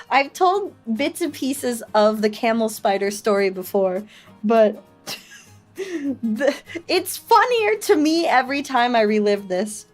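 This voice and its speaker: A woman's voice: on the high side, sing-song, slow, soft background music. A woman streamer casually telling a story to her chat, laughing often and acting out the voices of panicked people. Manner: shrieks when quoting panicked people.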